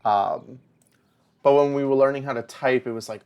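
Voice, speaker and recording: A man's voice: medium pitch, steady tone, normal speed, darkish tone, smooth. A young man in casual gameplay commentary, telling rambling stories while chatting to the characters on screen. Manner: rambling storyteller, chats to the game characters. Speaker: let's play host.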